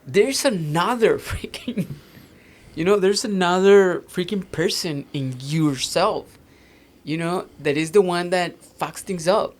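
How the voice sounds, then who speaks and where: A man's voice: high-pitched, takes it slowly. A man with a Mexican accent chatting casually as a podcast co-host, rambling with many fillers and restarts. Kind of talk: casual chat.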